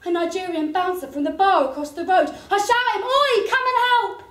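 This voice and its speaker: A woman's voice: very high-pitched, fairly quick, echoey room. An actress playing a chatty working-class woman, in a one-woman stage monologue. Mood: gossipy. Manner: gossipy, laughing storyteller. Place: theatre performance space.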